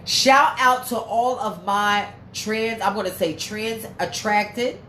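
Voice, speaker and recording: A woman's voice: medium pitch, takes it slowly, sharp tone. A woman hosting a casual livestream, reading viewer comments and talking bluntly and profanely with heated emphasis. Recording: echoey room with faint background noise.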